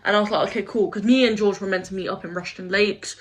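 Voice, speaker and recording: A woman's voice: mid-range voice, fairly even intonation, fast, poor audio. A young woman vlogging casually, venting in a frustrated, rambling way, swearing often and filling her speech with "like". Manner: frustrated, rambling, swears, heavy use of 'like'. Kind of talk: casual vlog rant.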